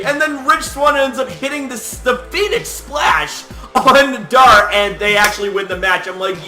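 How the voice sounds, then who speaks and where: A young man casually recapping wrestling results, animated and swearing freely, full of fillers. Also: very high-pitched, measured pace, hardly any pauses. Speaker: wrestling commentator, channel host. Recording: echoey room with faint music.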